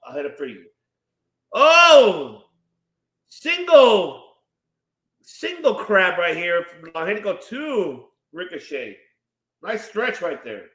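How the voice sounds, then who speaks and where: A man hosting a live wrestling watch-along stream, calling the action excitedly and bursting into loud reactions while greeting chat viewers. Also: on the high side. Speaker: watch-party stream host. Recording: roomy echo.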